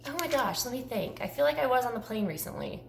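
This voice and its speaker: Chatty woman with a lively voice. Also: fairly high pitch, fast, vocal fry, echoey room, a little hiss or hum. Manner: chatty, rambling, frequent ums. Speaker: YouTuber. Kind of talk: casual Q&A tag video.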